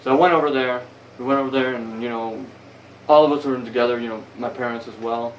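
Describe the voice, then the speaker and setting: A man's voice: mid-range voice, steady tone, fast. Young guy venting into his phone, lots of cussing, kinda far from the mic, faint hiss. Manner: profane, rambling, heated. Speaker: vlogger. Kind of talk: casual storytelling vlog. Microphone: phone camera.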